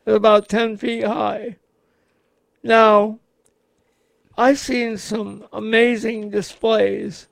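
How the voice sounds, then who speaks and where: Man, radio co-host, casual on-air chat, halting and unhurried, gravelly edge, very high voice. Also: no room sound. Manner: slow, halting, with many pauses and ums.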